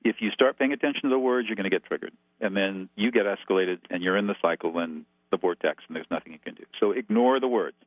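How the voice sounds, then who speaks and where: Calling in as a guest expert over a tinny telephone line, a deep-voiced man lays out numbered steps in a methodical, instructive way. He talks fast with few pauses, and there's no room sound.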